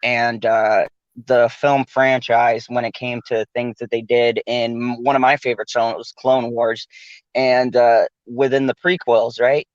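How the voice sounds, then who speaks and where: A man's voice: medium pitch, level tone, unhurried, dry recording. Male channel host, rambling casual talker, slightly lo-fi dry mic. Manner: laughs often, rambling with fillers. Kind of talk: casual podcast chat.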